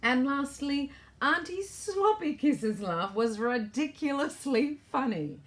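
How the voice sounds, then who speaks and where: A woman's voice: sits high, expressive, slow, a bit bright. A woman author reading her children's storybook aloud in a playful way and asking the young listeners questions.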